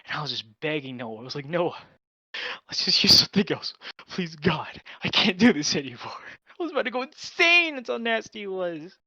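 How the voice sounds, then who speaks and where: A young man telling a funny story as a guest, dramatic and exaggerated, jumping from loud outbursts to low mutters. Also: big pitch swings, brisk, hardly any pauses, dry recording, muffled recording. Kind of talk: casual storytelling.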